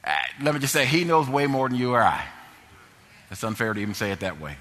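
A man preaching a sermon through a personal story, dropping to low murmurs and rising to loud exhortation. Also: very animated, fast talker, long reverb tail.

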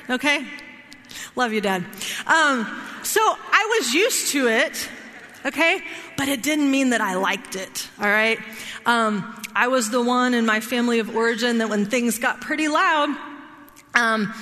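A woman's voice: high-pitched, pushed and bright, in a large hall. A woman teaching a marriage workshop in a conversational way, often checking in with her listeners. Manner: checks in often with "right?" and "all right?".

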